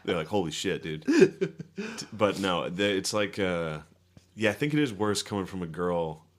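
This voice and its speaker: A man in his thirties with a somewhat low voice tells dry, crude anecdotes as co-host of a comedy podcast. He talks in a relaxed, casual way and often breaks into laughter. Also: unhurried.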